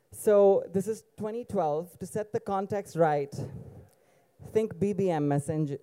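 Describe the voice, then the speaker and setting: A man's voice: fairly high pitch, dark tone, clean tone. A man from Dubai telling a personal story to an audience in a casual, digressive way with wry asides.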